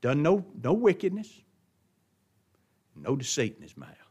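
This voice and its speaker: A man preaching a sermon, swinging between loud emphatic stresses and quiet asides, often asking the congregation questions. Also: fairly high pitch, huge pitch swings, a little slow, slightly rough.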